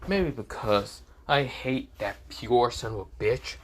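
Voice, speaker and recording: A man voicing a dark, edgy young man who speaks in a menacing tone. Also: medium pitch, slow.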